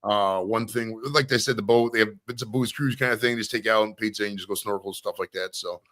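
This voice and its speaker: A man's voice: on the low side, steady tone, a little fast, fairly bright tone. A man in his forties hosting a podcast interview, rambling casually, swearing and laughing often. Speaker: podcast host.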